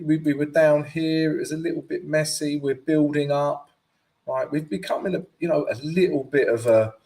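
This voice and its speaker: A man's voice: fairly high pitch, darkish tone. A man hosting a live trading stream, chatting casually through market commentary and viewer questions, tagging lines with "right?". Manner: does offhand mock voices of traders.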